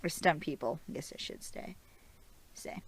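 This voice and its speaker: A woman's voice: deep voice, wildly swooping pitch, moderate pace, vocal fry, breathy edge. A young woman hosting a podcast and recapping a TV episode in a rambling, casual chat full of fillers and laughs. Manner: chatty and rambling, with many fillers and frequent laughs. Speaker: podcast host.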